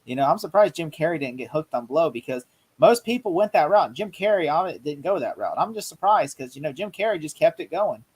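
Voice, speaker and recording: A man co-hosting a casual movie review chat, rambling excitedly and acting out quotes. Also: on the high side, brisk, breathy edge, poor audio. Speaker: podcast co-host.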